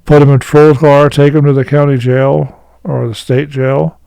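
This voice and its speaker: A man hosting his own channel, giving casual commentary in a rambling, halting way with many fillers and restarts. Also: mid-range voice, level tone, creaky, dark tone, smooth, dry recording, rough recording. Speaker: host.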